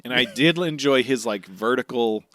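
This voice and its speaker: A man co-hosting a podcast, recapping a comic casually and jumping into high voices for the characters' lines. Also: normal speed, no echo, clean studio sound. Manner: animated storytelling, acts out characters' lines in sudden high voices. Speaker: podcast co-host.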